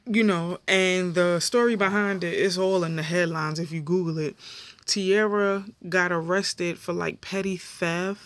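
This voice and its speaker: A woman's voice: on the low side, fairly even intonation, measured pace, no echo. A woman vlogger recapping a reality show episode in a casual, slangy way with lots of fillers, sounding tired. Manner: chatty, slangy retelling full of fillers.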